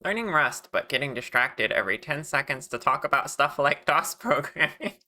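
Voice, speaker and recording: A streamer chatting casually and warmly with viewers during a live modeling stream, laughing often. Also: mid-range voice, lively intonation, moderate pace.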